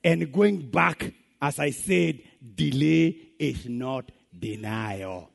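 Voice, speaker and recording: A man's voice: on the high side, expressive, takes it slowly, vocal fry. A man with a Kenyan accent preaching a sermon, emphatic and switching between English and Swahili.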